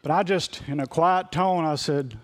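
A middle-aged man preaching, his voice sitting a little higher than most men's. He speaks earnestly and shares a personal confession, circling back over phrases as he searches for the words. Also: normal speed. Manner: earnest, confessional, repeats himself as he reaches for words. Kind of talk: sermon.

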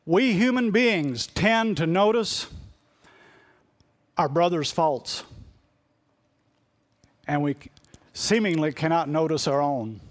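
A middle-aged man preaching a sermon in an earnest, confessional way, often repeating himself as he reaches for the right words. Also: a little high.

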